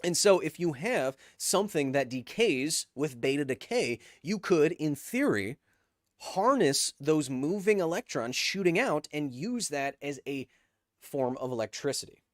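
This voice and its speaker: A man's voice: a little high, lively intonation, unhurried, dry recording, clean studio sound. A man hosting a live stream, reading chat messages aloud with jokes and tangents while explaining science casually.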